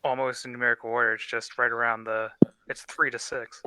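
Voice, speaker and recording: A man's voice: mid-range voice, flat delivery, brisk, pushed and bright. A man playing in a tabletop game, easygoing and plain-spoken. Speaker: player. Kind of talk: casual tabletop play.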